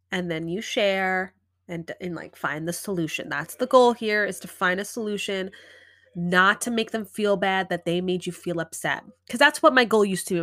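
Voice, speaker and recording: Animated woman podcast host, dry sound. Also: mid-range voice, no echo. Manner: animated, acts out inner dialogue. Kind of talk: casual advice talk.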